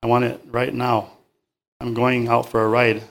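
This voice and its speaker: A man's voice: medium pitch, monotone, moderate pace, creaky, natural voice. A man reading aloud as an impatient boy demanding a bicycle pump, whiny and insistent.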